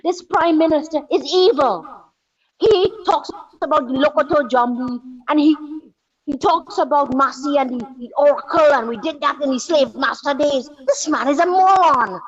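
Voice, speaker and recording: A woman calling into a radio show, her voice high and her delivery indignant and sarcastic. She fires rhetorical questions one after another. The call sounds muffled and dull. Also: normal speed. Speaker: caller. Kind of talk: angry political call-in rant.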